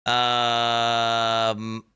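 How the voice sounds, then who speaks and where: Young streamer guy reacting live, bright sharp voice, keeps repeating himself and swearing. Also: mid-range voice, drawn-out words, smooth. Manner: excitable, thinks aloud, repeats himself, swears casually.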